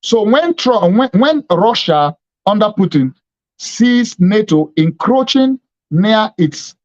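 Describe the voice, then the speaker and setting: A bishop hosting a TV program, giving emphatic political commentary and repeating points to drive them home. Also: male voice, high-pitched, lively intonation, slow pace, highs cut off.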